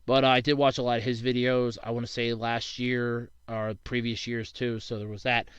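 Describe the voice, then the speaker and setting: A man's voice: medium pitch, flat delivery, moderate pace, smooth, no room sound, lo-fi sound. A young man from Pennsylvania, a YouTuber casually answering viewer questions, rambling and swearing freely when he gets worked up. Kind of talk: casual Q&A monologue.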